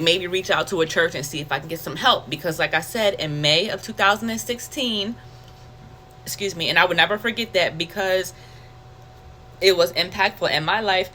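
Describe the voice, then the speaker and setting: A woman's voice: on the low side, slight background noise. A woman sharing a personal faith testimony in a candid, conversational way, acting out her own thoughts as she tells it. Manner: candid, conversational, animated storytelling with quoted self-talk. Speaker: testimony vlogger.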